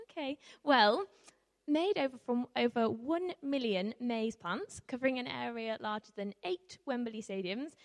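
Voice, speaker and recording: A young woman from Yorkshire telling a personal story to a live audience, chatty and self-deprecating, laughing often and filling pauses with ums. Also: on the high side. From Yorkshire, England. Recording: long hall reverb.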